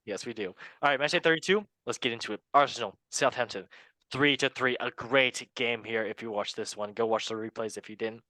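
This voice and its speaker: A man's voice: medium pitch, brisk, pushed and bright, no room sound. Playful male sports show host. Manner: playful, joking, laughs often. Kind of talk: casual chat. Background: faint background music.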